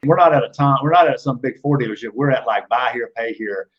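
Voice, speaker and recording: A man's voice: medium pitch, quick pace, muffled recording. A man in his forties, a former wrestler and guest, telling rambling, profane backstage stories in a casual chat and laughing along the way.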